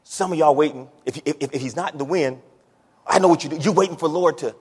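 A man preaching a sermon, swinging from hushed near-whispers to loud shouts. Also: a little high, fast talker, breathy edge, in a large hall.

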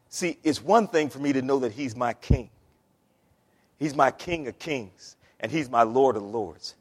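A man preaching a sermon as pastor, swinging between hushed, near-tearful passages and loud shouted climaxes. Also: mid-range voice, animated, a little slow, breathy edge. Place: church sanctuary. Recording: long hall reverb.

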